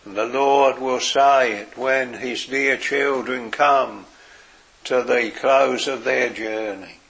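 A man preaching a sermon in an earnest way, dropping his voice softly for quoted words. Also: medium pitch, steady tone, vocal fry. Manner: slow, earnest preaching with soft, quiet quoted phrases.

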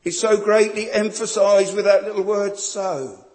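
A man's voice: high-pitched, level tone, moderate pace, a little mellow. A man preaching a sermon in a solemn, emphatic way, building each point through repeated phrases. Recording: long reverb of a large hall.

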